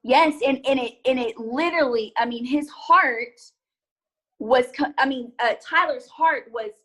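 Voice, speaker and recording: A woman's voice: sits high, unhurried. A woman drama therapist, a guest on a podcast, affirming and agreeing often in a casual conversation. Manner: warm, affirming listener with frequent agreement.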